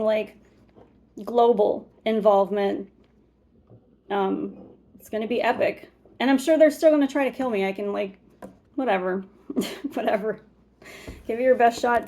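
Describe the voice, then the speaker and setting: A woman in her forties ranting to camera, agitated and profane, swinging between loud anger and tired muttering. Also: fairly high pitch. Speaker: vlogger.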